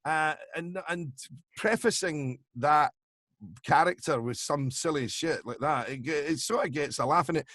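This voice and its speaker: A man's voice: fairly high pitch, measured pace, fairly bright tone, no echo, clean studio sound. A man, a voice actor and impressionist, chatting casually on a video call, trailing off and restarting as he talks. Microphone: video call microphone.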